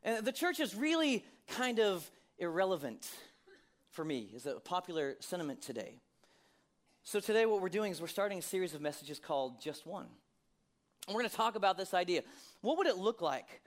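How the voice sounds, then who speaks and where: A high-voiced male pastor preaches a sermon conversationally, firing off many rhetorical questions and laughing often.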